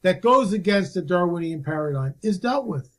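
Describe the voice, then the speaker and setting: Male guest researcher with a high voice, emphatic and impassioned in conversation. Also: animated, moderate pace. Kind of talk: casual conversation.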